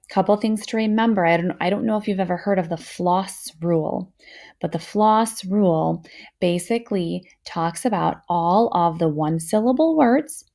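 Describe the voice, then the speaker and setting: Using a lowish voice with vocal fry, a woman teaches young children a phonics lesson. She sounds out words slowly and patiently, offering steady encouragement.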